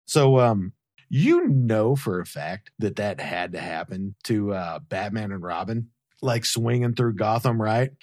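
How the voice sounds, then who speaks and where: A man's voice: on the low side, animated, a little slow, a little mellow, dry recording, clean studio sound. Man telling jokes in banter. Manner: laughing, storytelling. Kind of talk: casual podcast banter.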